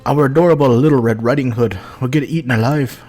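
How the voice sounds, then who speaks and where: A man's voice: mid-range voice, quick pace, a little mellow, pitched above the performer's own voice, close to an everyday voice. Man doing a prim, scolding schoolgirl chairwoman. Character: bossy older schoolgirl, morals committee chairwoman.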